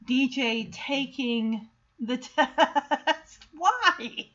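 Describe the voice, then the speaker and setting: A woman's voice: high voice, animated, drawn-out words, fairly bright tone, lo-fi sound. A woman casually recapping a TV episode, chatty and giggly as she tells it. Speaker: show recapper.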